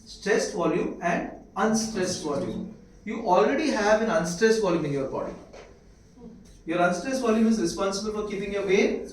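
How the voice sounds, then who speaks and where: His voice is high and expressive, moving at a normal speed, as this Indian-accented man teaches a medical class and repeatedly quizzes students rhetorically. Expect an echoey space, faint hiss, and a microphone placed well away.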